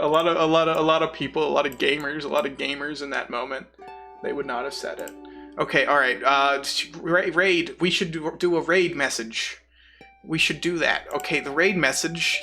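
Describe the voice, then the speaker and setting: A male streamer rambles through a casual live-stream sign-off in a bright, sharp voice. He talks in a goofy, scattered way, stuffed with internet slang. Soft music plays faintly underneath. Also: mid-range voice, vocal fry.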